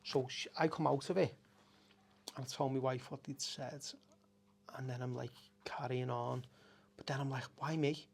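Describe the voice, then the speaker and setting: A middle-aged man talks openly as a podcast guest. His voice has a gravelly, fry-edged texture, and he speaks sits at an ordinary pitch for a man. He is raw and unguarded, swearing freely and stopping to restart his thoughts. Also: fairly even intonation. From Liverpool, England. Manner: raw and emotional, frequent swearing, halting restarts. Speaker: café owner, podcast guest. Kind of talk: candid conversational storytelling.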